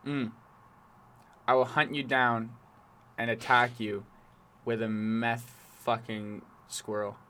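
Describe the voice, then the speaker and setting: A man's voice: mid-range voice, level tone, slow, long pauses, sharp tone, slight background noise. A young man co-hosting a podcast, chatting casually, laughing a lot and swearing as he rambles through stories. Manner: crude, laughing, rambling storyteller. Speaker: podcast co-host. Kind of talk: casual chat.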